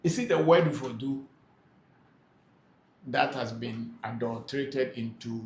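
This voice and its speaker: In an echoey room with faint background noise, a male spiritual teacher hosts a live Q&A, reading viewers' comments and explaining them patiently with many hesitations. His mid-range voice moves slowly, with frequent pauses.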